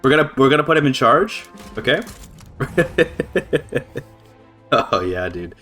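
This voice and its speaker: A young man from Canada giving rambling, excitable commentary on a strategy game he is playing. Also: medium pitch, fairly quick, soft background music. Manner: rambling, excitable, swears and laughs often. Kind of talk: casual gameplay commentary.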